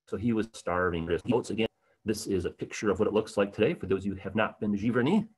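A man with a fairly low voice gives a livestreamed art talk. His delivery is casual and chatty, full of ums and asides. He perks up now and then to stress a point. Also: fast. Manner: casual, conversational, animated at times, many fillers. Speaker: tour guide presenting an online program.

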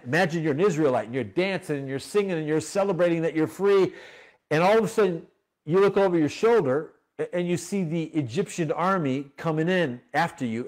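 A man's voice: on the high side, darkish tone. A male pastor preaching a sermon, telling a story with animation and acting out its characters.

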